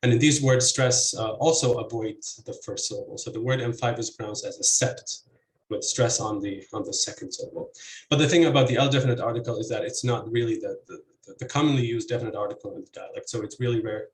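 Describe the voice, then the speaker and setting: A man's voice: mid-range voice, fast. A man giving an academic linguistics presentation over a video call, hesitant, with many fillers and restarts. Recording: echoey room, faint noise.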